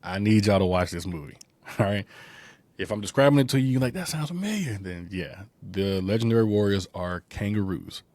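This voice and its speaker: A man's voice: low voice, a little mellow, dry recording. A man hosting a casual movie review podcast, rambling through a plot recap with lots of fillers and asides. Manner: rambling, digressive retelling with many fillers; drops into quick character voices while recapping. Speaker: podcast host.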